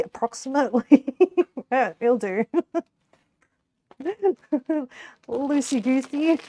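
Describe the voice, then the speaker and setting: A young Australian woman with a high voice chats and rambles casually on a live stream while she cooks, laughing often and swearing casually. The recording has no echo.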